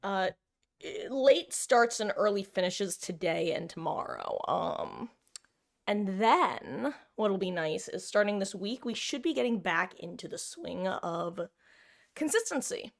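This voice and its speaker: A woman's voice: medium pitch, expressive, a little slow, creaky. A woman streamer chatting casually with her viewers and cooing over her cat in a baby-talk voice. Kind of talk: casual live-stream chat.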